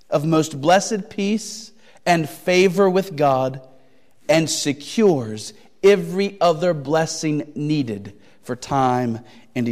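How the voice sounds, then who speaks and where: A man preaching a sermon as pastor, deliberate and emphatic, repeating key phrases and asking searching rhetorical questions. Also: fairly high pitch, a little mellow, long reverb tail.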